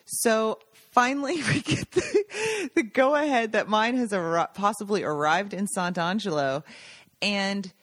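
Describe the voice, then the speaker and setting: Woman in her forties, animated storyteller. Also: mid-range voice, a little slow, dry recording. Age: 40s. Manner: animated storytelling, laughs often. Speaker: podcast co-host. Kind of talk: casual chat.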